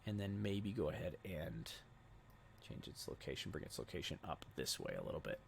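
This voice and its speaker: Young man, casual tutorial narrator, lively voice with a gravelly edge. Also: sits low, a little fast, a little hiss or hum. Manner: casual, thinking aloud while clicking through settings. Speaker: web design tutor. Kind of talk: screen-recorded software tutorial.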